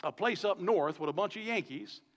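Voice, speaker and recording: Southern pastor preaching in a reverberant church. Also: male voice, high-pitched, animated, normal speed. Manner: conversational preaching full of rhetorical questions. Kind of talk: sermon. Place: church sanctuary. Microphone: microphone.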